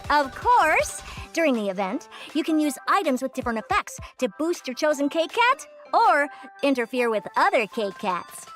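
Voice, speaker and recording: A woman's voice: sits high, big pitch swings, moderate pace, a bit bright, faint music behind. An actress playing a perky young female co-host in a scripted game broadcast.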